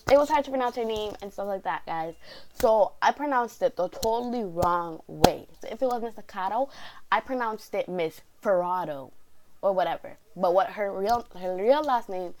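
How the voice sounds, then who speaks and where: A young woman from Canada, chatting through a long personal story for her vlog. She rambles along casually, pausing on fillers and suddenly switching into lively voices for the people she quotes. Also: medium pitch, rough recording. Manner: chatty, rambling, animated quoting of others. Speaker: vlogger.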